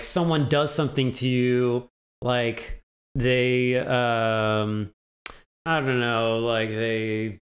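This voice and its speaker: A man's voice: medium pitch, slow, a bit bright. A young man teaching a casual language lesson, chatty and laughing often, acting out example sentences. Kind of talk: casual live-streamed lesson.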